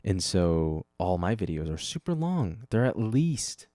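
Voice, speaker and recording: A man's voice: sits low, sing-song, a little slow, dark tone, no echo, studio quality. A young man hosting his own podcast alone, rambling casually, breaking off his own thoughts and swearing offhand. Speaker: podcast host. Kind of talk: casual solo podcast chat.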